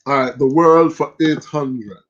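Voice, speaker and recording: A man's voice: mid-range voice, a little slow. A man with a Jamaican accent hosting a live quiz stream, joking and reading viewer comments aloud. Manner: animated, joking, reads chat comments aloud. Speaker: quiz host. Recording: lo-fi stream audio.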